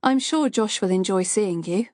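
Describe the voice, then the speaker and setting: A woman's voice: medium pitch, normal speed, no echo, clean studio sound, lightly acted. A woman doing a casual friendly brother-in-law. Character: man, sister's husband, casual and friendly.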